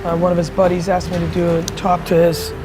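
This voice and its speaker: A man's voice: sits high, monotone, fast talker, noisy background. Blunt, profane motivational man. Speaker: entrepreneur vlogger and conference speaker. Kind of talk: casual vlog talk and motivational speech.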